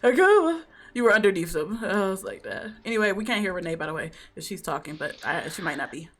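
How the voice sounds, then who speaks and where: A woman's voice: mid-range voice, lively intonation, fast talker, a little hiss or hum. A woman narrating as game master in casual, laughter-filled talk, with swearing.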